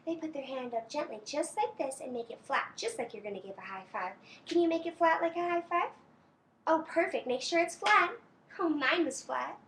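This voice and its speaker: Belle, a sweet high-voiced princess played by a young woman. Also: slight background noise. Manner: sugary sing-song voice with soft giggles; talks slowly to a toddler, pausing for answers. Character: sweet cheerful young princess, gentle and doting. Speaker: costumed princess character. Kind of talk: personalized birthday greeting to a small child.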